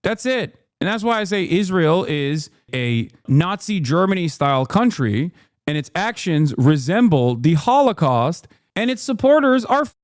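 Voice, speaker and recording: A man's voice: high-pitched, very animated, unhurried, no echo, clean studio sound. A man streaming political commentary, angry and ranting, swearing and repeating himself as he builds up. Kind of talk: heated live-stream commentary.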